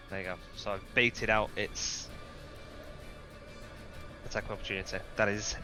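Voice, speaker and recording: A man playing a tabletop game, halting and laughing as he plans his moves. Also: lowish voice. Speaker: player. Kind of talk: casual tabletop game play.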